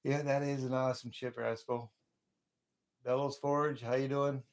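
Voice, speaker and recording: A man's voice: mid-range voice, level tone, moderate pace. A middle-aged man hosting a casual live stream from home, chatting in a folksy way and calling viewers brother.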